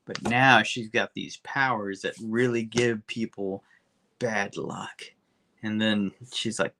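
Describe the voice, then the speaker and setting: A man's voice: lowish voice, sharp tone. Rambling, swearing man on a podcast. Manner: profane, rambling, acts out characters in quick asides. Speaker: podcast co-host. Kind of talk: casual comic book recap chat.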